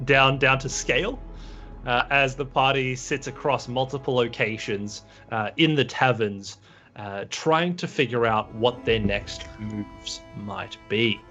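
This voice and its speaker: A man narrating a tabletop game as game master, relaxed with many fillers. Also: medium pitch, measured pace, dull audio, faint music behind.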